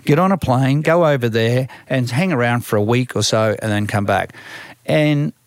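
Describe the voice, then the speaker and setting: Lively Australian man telling stories. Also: mid-range voice, moderate pace, no room sound, studio quality. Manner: lively, acts out quoted voices, frequent restarts. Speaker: music manager. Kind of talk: storytelling conversation.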